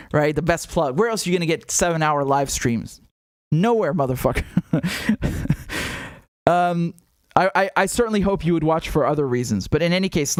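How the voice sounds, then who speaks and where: Male live-stream host, higher voice, profane and blunt, reading chat on a dry close mic. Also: no room sound. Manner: blunt, profane, animated, with many repeated words. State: has a headache. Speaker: political commentator hosting a live stream.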